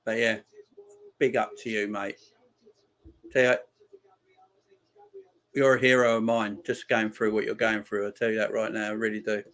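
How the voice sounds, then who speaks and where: A man hosting a live football watchalong, chatting casually, reading out viewer messages and repeating his shout-outs. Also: on the low side, little pitch movement, normal speed, long pauses. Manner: rambling, repeats phrases. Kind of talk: casual live-stream chat.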